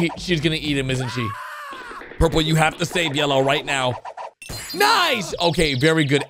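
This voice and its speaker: A man commenting excitedly on cartoon animations, jumping between low murmurs and sudden shouts and gasps. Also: noisy background. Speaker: gaming YouTuber. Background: background music.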